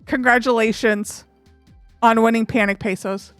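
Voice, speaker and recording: A woman talking to her live-stream audience in a loose, rambling way, peppering her speech with "like." Her voice sits a little high, and the sound is close and dry, with soft music underneath. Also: fairly even intonation, normal speed, no room sound. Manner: chatty and rambling, filled with 'like'; open and emotional. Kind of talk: casual live-stream chat.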